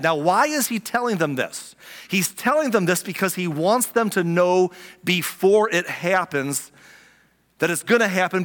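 A man preaching a sermon in a relaxed, conversational way, acting out little quoted reactions as he explains a passage. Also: a little high. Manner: conversational, animated, acts out quotes. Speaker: pastor. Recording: long reverb of a hall.

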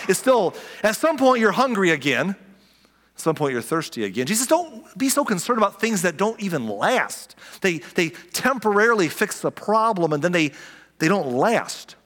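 A man's voice: high voice, sing-song, normal speed, fairly bright tone, big-room sound. A pastor giving a casual, conversational sermon and acting out the characters' lines as he retells the story.

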